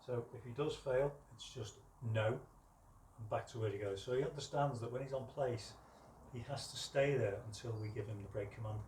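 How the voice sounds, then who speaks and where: A man's voice: moderate pace, few pauses. Guy training his dog outside, kinda far from the mic, roomy sound, faint background hum. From United Kingdom. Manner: calm explaining, bursts of high-pitched commands to the dog. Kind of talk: outdoor training demonstration. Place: outdoors with ambient noise.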